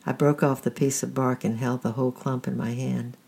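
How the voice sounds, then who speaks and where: A storyteller reading a first-person storybook in a quiet, steady way with a creaky, husky voice. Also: mid-range voice, brisk.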